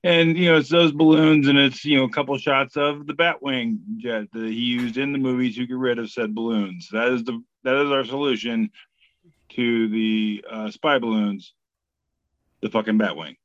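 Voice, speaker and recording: A man's voice: medium pitch, fairly even intonation, normal speed, no room sound, highs cut off. A man hosting a podcast, reading memes aloud in casual, profane comedic chat. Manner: laid-back, profane, breaks into sung bits.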